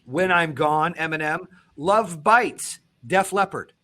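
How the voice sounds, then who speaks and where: A man hosting a podcast, talking bluntly and with profanity, swinging between loud pushes and low, quiet stretches. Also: slow. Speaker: podcast host. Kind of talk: intense motivational podcast talk.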